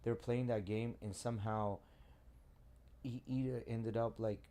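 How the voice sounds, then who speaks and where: A man's voice: medium pitch, unhurried. A man co-hosting a podcast, telling stories with lots of swearing in casual chat. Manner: profane, animated storytelling. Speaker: podcast co-host.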